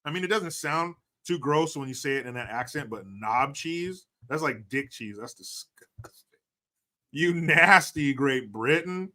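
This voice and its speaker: A man's voice: on the high side, animated, a little slow, pushed and bright, a little hiss or hum. A man hosting a casual livestream, reading out viewer donations and answering them in a blunt, profane, joking way. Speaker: livestream host.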